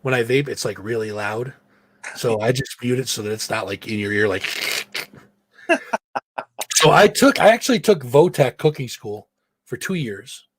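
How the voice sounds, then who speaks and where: Profane, animated man telling a story. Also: medium pitch, moderate pace, husky. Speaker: podcast host. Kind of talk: casual storytelling chat. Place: home studio. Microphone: own mic, mutes it to vape.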